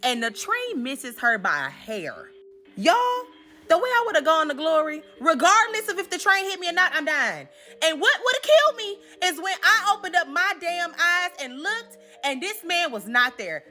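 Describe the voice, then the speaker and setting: Sassy, high-voiced woman recapping. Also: sing-song, moderate pace, bright, forceful tone, soft background music. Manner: sassy, slangy, talks straight to viewers. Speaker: comedy recap host. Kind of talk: casual comedic recap.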